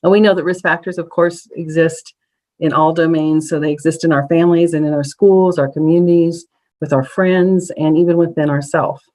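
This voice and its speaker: A presenter at an advisory council meeting talks through survey charts one slide at a time. The delivery is measured and explanatory, with frequent ums and small restarts, at a middle pitch. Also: fairly even intonation, darkish tone, rough recording.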